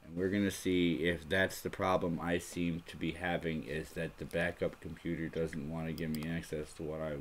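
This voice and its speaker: A man with a very low voice hosts a casual livestream, chatting loosely to his viewers. He rambles and narrates every click as he fumbles with his computer. He is speaking close to a desk microphone. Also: little pitch movement, moderate pace, hardly any pauses, slight background noise. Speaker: livestream host.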